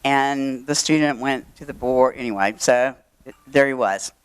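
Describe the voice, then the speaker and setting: A woman's voice: very deep voice, measured pace, clear, resonant tone. An older woman, telling a personal story to a live audience in a chatty, wry way, with asides and fillers. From Texas. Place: event room.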